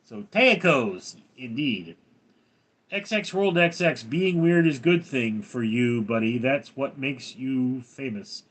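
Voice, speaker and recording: An older man hosting a livestream, reading viewer comments aloud in a dry, deadpan way. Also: mid-range voice, slow pace. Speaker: livestream host reading chat. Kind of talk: casual livestream chat.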